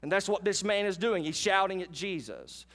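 A man's voice: high-pitched, expressive, normal speed, a bit bright. A pastor delivering an earnest sermon to his congregation, telling the scripture story vividly and asking the listeners direct questions.

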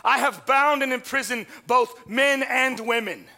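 A man's voice: very high-pitched, measured pace, creaky, sharp tone, full character voice. An actor playing Saul, a zealous man recounting his past in a fervent, theatrical monologue. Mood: solemn. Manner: fervent, theatrical storytelling with sudden swells. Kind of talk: dramatic monologue.

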